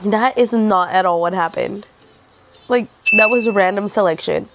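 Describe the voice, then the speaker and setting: A woman's voice: medium pitch, moderate pace, loud music behind the voice. A young woman from the United States chatting casually at home as a book vlogger, recapping and ranting with bursts of laughter. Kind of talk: casual chat.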